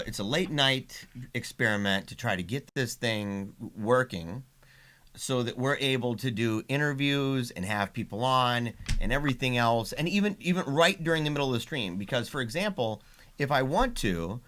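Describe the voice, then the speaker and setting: A man's voice: mid-range voice, lively intonation, fairly quick, a bit bright. Chatty man hosting a livestream. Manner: chatty, laughing, many restarts. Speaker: livestream host and father. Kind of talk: casual livestream chat.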